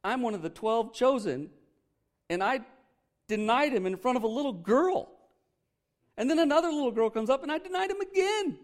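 A man's voice: very high voice, lively intonation, normal speed, long pauses, voice pushed up. A man voicing the apostle Peter as an exasperated, self-mocking storyteller in a sermon. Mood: rueful.

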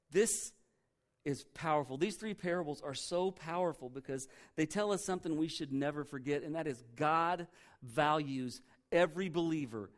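Earnest preacher with a fairly high voice. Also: male voice. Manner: earnest, emphatic preaching with repeated phrases. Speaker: pastor. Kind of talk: sermon.

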